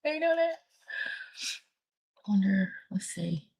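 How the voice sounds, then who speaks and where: A woman hosting a casual livestream with a dry throat, talking bluntly and thinking out loud as she rambles. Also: mid-range voice, sing-song, slow pace, gravelly, slightly rough. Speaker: livestream host.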